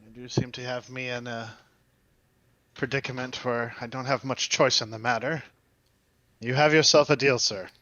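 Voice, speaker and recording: A man's voice: mid-range voice, fairly even intonation, normal speed, long pauses, bright, forceful tone, dry recording, lo-fi sound, pitched below the performer's own voice. A man voicing a trapped bandit who bargains for his life in plain, pleading speech. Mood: wary. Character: trapped surly male bandit, cowed and bargaining.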